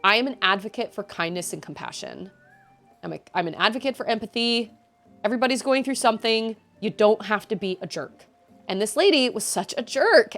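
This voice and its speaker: A woman streaming a game vents to her viewers in casual chat, rambling and restarting often. Her voice is a little high and a bit bright.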